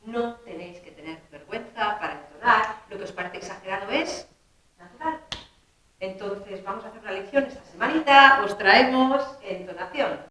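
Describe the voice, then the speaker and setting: Quick encouraging woman presenter, bright tone, far from mic, heavy room echo. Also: mid-range voice, animated. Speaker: language school presenter. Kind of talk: promotional introduction.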